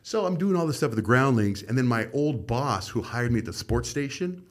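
A man's voice: medium pitch, animated, fairly quick. A middle-aged man, a radio host, telling stories of his career in a casual podcast chat and acting out the people he quotes.

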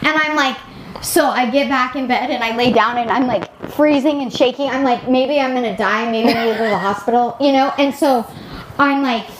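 A woman's voice: a little fast, noisy background. A young woman co-hosting a podcast, telling a story with lots of laughter and acting out what she said at the time. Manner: animated storyteller, laughing, acting out her own lines in higher voice. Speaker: podcast co-host. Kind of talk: casual chat, storytelling.

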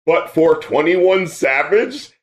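A man with a somewhat high voice talks loosely in a casual podcast chat. He laughs often, swears freely and slips into little acted-out reactions as he goes. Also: sing-song, slow. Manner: loose, laughing, profane, acts out others' reactions. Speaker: podcast co-host reviewing albums.

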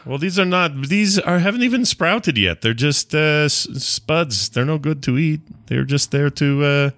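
A man's voice: fairly high pitch, animated, measured pace, a bit bright, dry recording, pitched above the performer's own voice. A man voicing an earnest young cleric who talks in a flustered but coaxing way. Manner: flustered, then coaxing and reasonable. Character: earnest young male cleric of a sun god.

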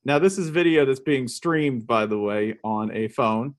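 A man's voice: medium pitch, measured pace. A man hosting a comedic podcast, joking around and laughing often. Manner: jokey, laughs often, bursts into silly voices. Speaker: podcast host.

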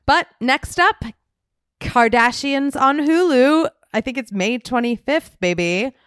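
A woman's voice: sits high, animated, takes it slowly, a bit bright, clean tone, no room sound, clean studio sound. A woman co-hosting a podcast in casual chat, gushing and upbeat, with lots of "like" and "um". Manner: gushing, upbeat, says like and um a lot. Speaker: podcast co-host.

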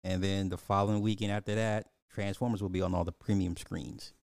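A man's voice: sits low, little pitch movement, fairly quick, creaky, a little mellow, smooth, dry recording. A man hosting a casual live podcast, rambling through movie box office talk and answering chat comments with frequent restarts.

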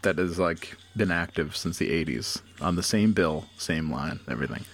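A man's voice: sits low, normal speed, soft background music. A man co-hosting a comedy podcast, telling an improvised story in a loose, rambling, profane way with lots of fillers. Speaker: podcast co-host.

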